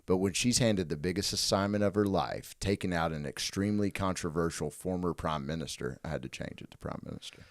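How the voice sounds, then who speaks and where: Man, Southern American accent, podcast co-host, fairly low voice, laughing and swearing, dry close sound. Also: a little fast, few pauses, no room sound. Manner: laughing, profane, self-interrupting. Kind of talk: casual comedic chat, reading a movie pitch.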